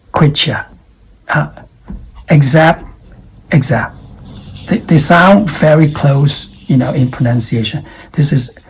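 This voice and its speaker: A man teaching English pronunciation, repeating each word slowly as a drill. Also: fairly high pitch, darkish tone, husky, rough recording. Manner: slow, repeats words for drills. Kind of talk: pronunciation lesson.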